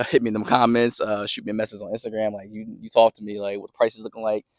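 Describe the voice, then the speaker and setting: A young man with a fairly low voice rambles through a casual story, heavy on fillers, in an easygoing vlog manner. He films himself outdoors in his yard and walks around while he talks. The recording is dry and close, with almost no room sound. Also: flat delivery, quick pace, no echo. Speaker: car vlogger.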